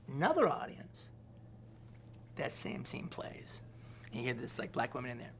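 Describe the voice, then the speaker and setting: A film director in an interview, telling an anecdote in a rambling way, full of fillers and asking "all right?" again and again. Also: male voice, mid-range voice, very animated, moderate pace, creaky, pauses often, fairly bright tone, a little hiss or hum.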